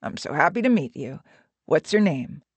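A woman's voice: sits low, sing-song, normal speed, breathy edge, dry recording, heavily acted. A woman voicing an aging male film actor with easygoing, practiced charm in an audiobook reading. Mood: gracious. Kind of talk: audiobook narration.

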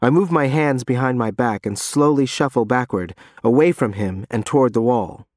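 A man's voice: mid-range voice, normal speed, hardly any pauses, no room sound, clean studio sound. Man narrating a tense story. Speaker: audiobook narrator. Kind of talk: first-person scripted narration.

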